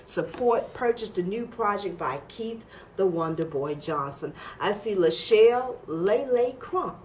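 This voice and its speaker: A woman's voice: mid-range voice, animated, measured pace. An upbeat woman hosts a live radio show, her voice swinging widely up and down as she leans on repeated words for emphasis. She reels off greetings to listeners over a faint hiss. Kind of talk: live radio interview with listener shout-outs.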